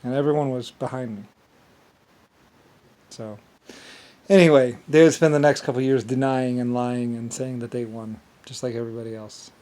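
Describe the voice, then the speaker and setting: A man's voice: mid-range voice, steady tone, dark tone. A man talking alone in a rambling monologue, stumbling and repeating words as he goes. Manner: halting, repeats words, trails off. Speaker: vlogger.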